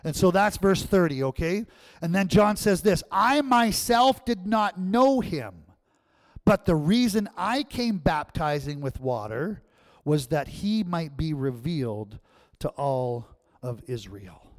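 A man preaching a sermon as pastor, animated and often checking in with the congregation. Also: fairly high pitch, measured pace.

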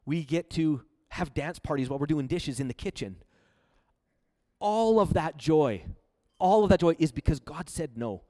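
A man's voice: on the high side, expressive, moderate pace, dark tone. A man from Canada preaching a sermon, telling his own story in an earnest, confessional way. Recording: long hall reverb.

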